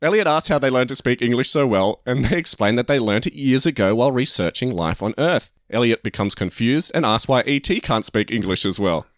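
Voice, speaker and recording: A playful man co-hosting a podcast spins an invented story, pausing to chuckle at his own twists. His voice sits in a middle pitch, recorded dry and close. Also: lively intonation, dry recording. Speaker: podcast co-host. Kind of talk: casual chat, pitching a story.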